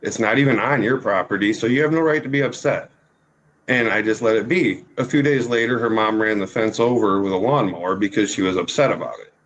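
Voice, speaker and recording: A man's voice: lowish voice, a little fast, a bit bright, slight background noise, low-quality recording. A man testifying in a courtroom about a dispute with his neighbor, rambling and apologetic, with many fillers and restarts.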